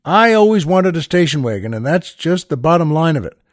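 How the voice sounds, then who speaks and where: An older man hosts a podcast, telling stories in a casual, rambling monologue full of "uh"s and restarts and addressing listeners as "folks." His fairly high voice is very animated and fairly quick, recorded cleanly in a studio with no echo.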